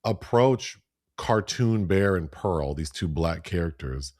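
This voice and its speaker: A man co-hosting a podcast, casually retelling a film's plot and mimicking characters in higher voices. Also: slow, no echo, studio quality. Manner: animated, breaks into high voices when quoting. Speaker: podcast co-host. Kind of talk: casual film review chat.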